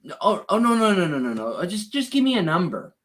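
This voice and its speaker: A man's voice: high voice, very animated, fast. Dry-humored male co-host. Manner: brief, dry replies, teasing. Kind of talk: casual livestream chat.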